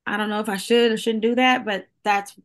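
A woman's voice: mid-range voice, steady tone, brisk. A middle-aged woman, a singer, talking candidly as a guest, chatty and full of "like" and restarts, laughing often. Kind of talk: candid casual chat.

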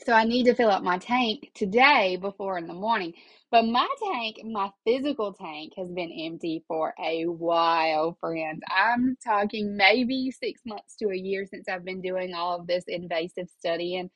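A woman's voice: medium pitch, measured pace, no echo, low-quality recording. Lady rambling on her podcast, chatty and open, dry close sound. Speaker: podcast host. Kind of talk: casual personal talk.

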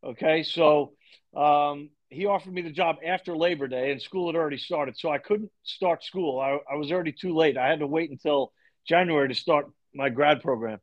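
This podcast guest, a Long Island lacrosse coach, is an animated storyteller who acts out each quoted exchange. He talks at a normal speed in a voice on the high side, recorded with lo-fi sound.

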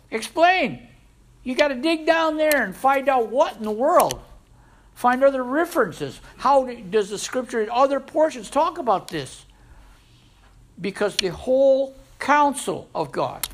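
Guy preaching, gravelly, jumps from loud highs to quiet lows. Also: slight background noise. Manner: animated preaching, with sudden loud rises and soft drops. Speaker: pastor, missionary preacher. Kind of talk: sermon.

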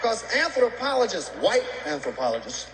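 A man's voice: high-pitched, huge pitch swings, normal speed, echoey room, background noise. A male stand-up comedian telling a brash, profane story in a comedy routine.

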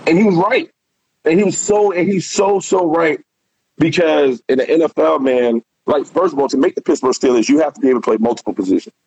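A man's voice: fairly high pitch, brisk, a little mellow, breathy edge, no echo, rough recording. A man who is a former pro football player, telling candid, profane stories in a casual interview. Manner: candid, profane, loose storytelling.

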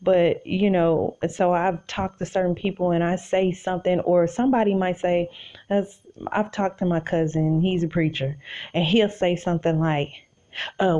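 A woman with a lowish, mellow voice talks casually about faith, as if chatting with friends, calling her listeners y'all and laughing easily. She is lying in bed, and the recording sounds somewhat muffled and lo-fi. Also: fairly even intonation, moderate pace. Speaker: podcast host. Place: in bed at home.

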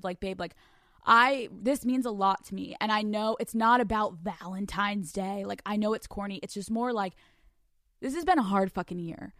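A woman's voice: a little high, no echo, studio quality. Profane, laughing woman podcast host. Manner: profane, animated, laughs often, acts out quotes. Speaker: podcast host answering listener questions. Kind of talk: casual advice chat.

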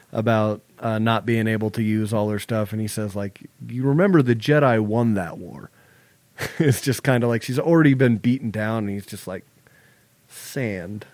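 A man's voice: on the low side, dry recording. Jokey man chatting in a dry room. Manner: jokey, laughs often, acts out quotes. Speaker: podcast co-host. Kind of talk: casual chat.

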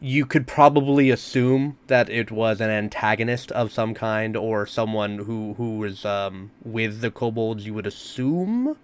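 A man's voice: on the low side, measured pace, hardly any pauses, clear, resonant tone. A man running a tabletop game as game master, hesitant and improvising with many fillers.

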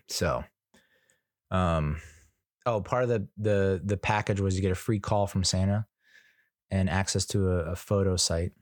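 A man's voice: lowish voice, normal speed, no room sound, clean studio sound. A middle-aged man telling a rambling, exasperated story in casual monologue, swearing freely and acting out what others said. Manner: rambling, exasperated, profane, acts out other people's lines. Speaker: podcast host.

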